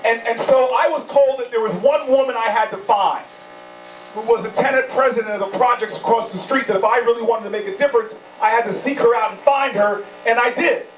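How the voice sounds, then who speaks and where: A man's voice: very high voice, a little fast, slight background noise. Impassioned man giving a campaign speech. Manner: impassioned storytelling with repeated rhetorical phrases. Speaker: political candidate addressing supporters. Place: event venue indoors. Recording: echoey, distant, humming room recording.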